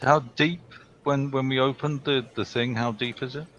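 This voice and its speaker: A man's voice: medium pitch, steady tone, normal speed, fairly bright tone, slight background noise. A man playing a tabletop game who takes charge and gives directions to the group. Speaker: player. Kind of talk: in-character tabletop play. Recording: dull lo-fi recording.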